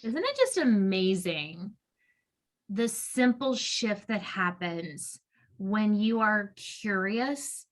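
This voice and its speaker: A woman's voice: medium pitch, lively intonation, takes it slowly. A woman hosting a podcast, chatting casually and reflectively, with an enthusiastic tone and many "um" fillers. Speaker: podcast host.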